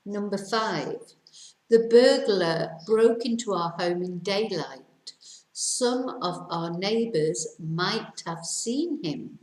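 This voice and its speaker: A British woman teaching English, reading quiz sentences aloud slowly and carefully with countdowns. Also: medium pitch, lively intonation, echoey room, rough recording. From Britain. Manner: careful slow dictation with countdowns.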